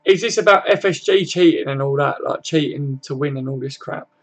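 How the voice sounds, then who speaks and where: A man's voice: fairly high pitch, brisk. A man hosting a casual live stream, chatting laid-back with viewers, greeting them by name and swearing freely.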